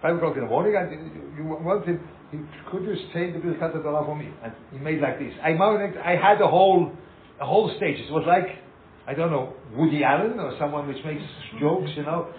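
A man giving an animated, informal Torah talk as a rabbi, repeating himself and acting out little scenes. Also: on the high side, moderate pace. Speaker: rabbi teaching a class. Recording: echoey, tinny lo-fi room recording with hiss.

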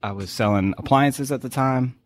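A man's voice: medium pitch, no echo, studio quality. A man in his forties from Boston with a faint New England accent, a podcast guest telling stories in casual chat. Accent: faint New England, mostly masked. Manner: storytelling, quick asides.

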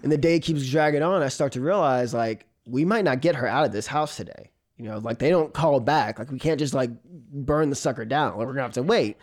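A man, a comedian, telling a personal story on stage in an animated way, often laughing and imitating a cat's meows. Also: medium pitch, brisk. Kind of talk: live storytelling.

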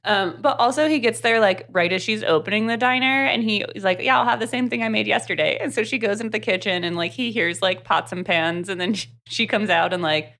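A woman from the American South with a light Southern accent, co-hosting a podcast and recapping a book in casual, animated chat full of "like.". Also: medium pitch, fairly quick, hardly any pauses. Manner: chatty, animated, many "like" fillers. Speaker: podcast co-host.

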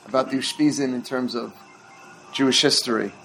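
A middle-aged rabbi with a gravelly, creaky edge to a voice of ordinary pitch. He teaches in a relaxed, storytelling way and checks in with his listeners as he goes. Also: brisk, slight background noise, poor audio. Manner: conversational storytelling, quizzes the audience. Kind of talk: teaching a holiday workshop.

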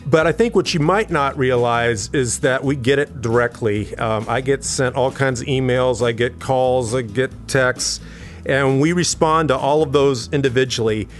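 Male podcast host, relaxed and friendly, mid pitch, faint music under him. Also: moderate pace. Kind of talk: casual podcast hosting.

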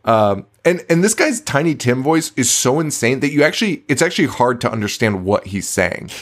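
A man's voice: mid-range voice, very animated, fairly quick. A man co-hosting a podcast, casually recapping a movie in a rambling, profane way, stumbling over words and laughing often. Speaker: podcast co-host.

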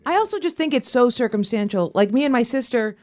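A woman's voice: fairly high pitch, animated, fast talker, darkish tone. A woman talking on a podcast in casual chat, blunt and crude in her jokes.

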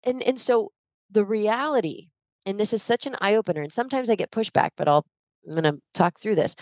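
A woman's voice: mid-range voice, brisk, darkish tone, no echo. A woman leadership coach explaining her ideas with energy and emphasis in a podcast interview over a video call.

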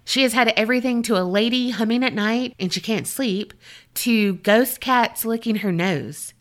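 A woman's voice: a little high, moderate pace. A woman co-hosting a podcast, chatting casually, laughing easily and reading listener stories aloud. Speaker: podcast co-host.

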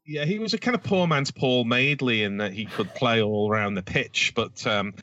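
A man's voice: mid-range voice, normal speed, sharp tone, no room sound, lo-fi sound. A man talking casually about old football matches, with many fillers and restarts as he searches for words. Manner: rambling, hesitant, many fillers. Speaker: podcast co-host, Everton fan.

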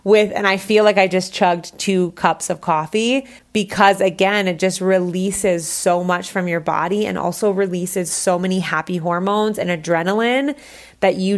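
A young adult woman hosting her own podcast, talking candidly and casually with lots of "like" fillers. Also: on the low side. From Colorado, United States. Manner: chatty, candid, frequent "like" fillers. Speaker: podcast host. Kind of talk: casual solo podcast talk. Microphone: podcast microphone.

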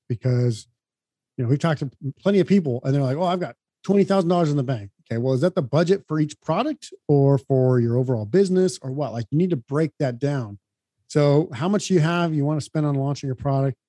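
A male podcast co-host gives brisk, upbeat advice at a quick clip. His voice is mellow and a little high. The recording is dry and close. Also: no room sound. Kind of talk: casual explanatory podcast talk.

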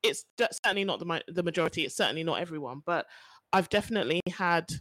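A man in a casual group discussion who speaks in a measured way, choosing his words carefully. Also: a little high, lively intonation, fairly bright tone, dry recording.

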